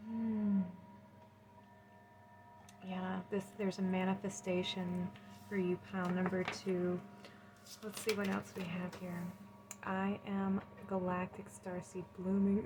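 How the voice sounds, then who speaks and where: A woman giving a pick-a-card tarot reading in a gentle, soothing, emotional and effusive way. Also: mid-range voice, steady tone, measured pace, background noise. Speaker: tarot reader.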